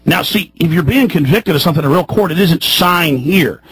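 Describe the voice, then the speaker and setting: A radio talk show host in his thirties delivering a heated, fiery monologue, swinging between shouts and low mutters. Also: quick pace, breathy edge, no room sound, poor audio. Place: radio studio.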